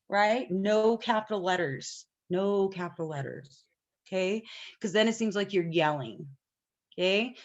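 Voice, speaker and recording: A woman with a mid-range voice teaches an online class in a muffled recording. She talks casually and chattily, often asking the class questions to check that students follow.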